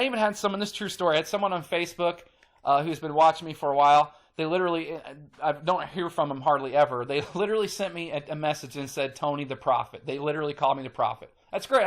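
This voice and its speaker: A man hosting his own channel, ranting emphatically to the camera, repeating himself, swearing casually and getting worked up. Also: fairly high pitch. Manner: emphatic, repetitive, gets worked up. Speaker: channel host.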